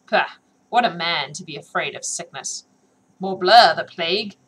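A woman voicing a coarse, mocking old market hag in a read-aloud story, lowering her voice for the jeers. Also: lively intonation, normal speed, a bit bright, breathy edge, poor audio. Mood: scornful. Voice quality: coarse, jeering.

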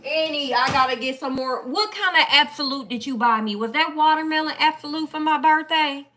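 A woman chatting casually on a live stream, playful and animated as she talks back to her viewers. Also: high voice, a little fast, slight background noise. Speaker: live-stream host reading viewer comments.

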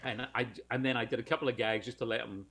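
A man's voice: mid-range voice, fairly even intonation, fast talker, fairly bright tone. A British man telling a showbiz anecdote in casual podcast chat, acting out the voices of people in his story. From United Kingdom.

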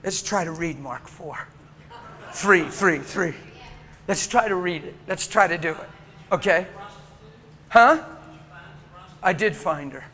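Fiery preacher man with a high, bright voice. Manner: impassioned storytelling with frequent laughter. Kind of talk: sermon.

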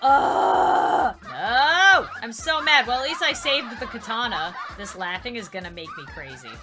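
A woman giving excitable let's play commentary, squealing and laughing often as she plays. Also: fairly high pitch, brisk, music in the background. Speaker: gaming YouTuber.

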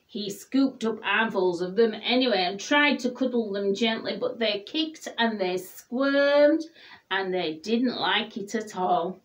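A woman reading a children's picture book aloud in a gentle, expressive storybook voice. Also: medium pitch, unhurried.

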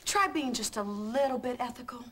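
An actress playing a sharp, sarcastic ad executive in a sitcom. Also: female voice, a little high, normal speed, slight background noise, close to an everyday voice. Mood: dry. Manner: dry, scolding, sarcastic. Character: sharp, principled woman ad executive. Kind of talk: sitcom acting.

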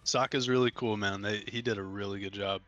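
Bright-voiced man chatting agreeably. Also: lowish voice, steady tone, fairly quick, muffled recording, faint music behind. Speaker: podcast co-host. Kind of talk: casual chat.

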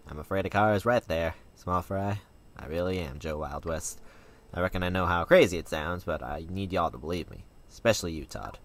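A man's voice: sits low, brisk, a little hiss or hum. A man doing a drawling cowboy. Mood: earnest. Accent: Southern US drawl put on. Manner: drawling, homespun phrases. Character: folksy middle-aged cowboy man, earnest. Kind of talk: fan voice-over of a game.

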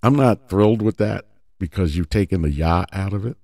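Man, low mellow voice, informal Bible teacher, emphatic, restarts words, rhetorical questions. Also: brisk, dry recording, clean studio sound.

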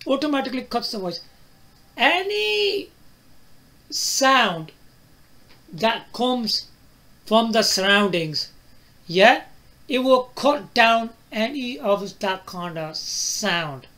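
A man's voice: extremely high pitch, a bit bright. A man reviewing a phone to camera, asking the viewer questions and tagging his lines with "right?" and "yeah?". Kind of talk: product demo to camera.

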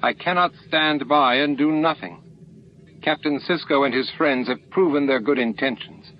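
A man voicing a timid but determined alien who speaks gently and earnestly, on a lo-fi recording with faint hiss. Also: medium pitch, normal speed, voice pushed up, lightly acted. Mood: resolute.

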